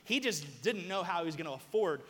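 A young man from the southern United States preaching a sermon, telling stories animatedly and bursting into shouts. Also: sits high, expressive, a little fast. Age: young adult. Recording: long hall reverb.

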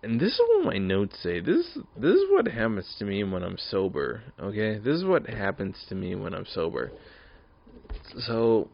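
Drunk gravelly young man rambling. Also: fairly low pitch, huge pitch swings, moderate pace. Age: 20s. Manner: rambling, profane, repeats himself. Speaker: podcast host. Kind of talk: casual solo podcast rant. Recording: dull lo-fi recording.

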